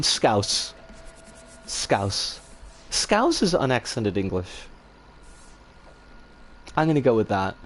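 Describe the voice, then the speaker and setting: A man streaming and chatting casually, answering viewer comments in a rambling, animated way with some swearing. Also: fairly high pitch, slight background noise.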